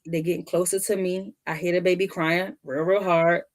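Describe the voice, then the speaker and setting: Animated woman telling a family story. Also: on the low side, normal speed. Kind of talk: casual storytelling.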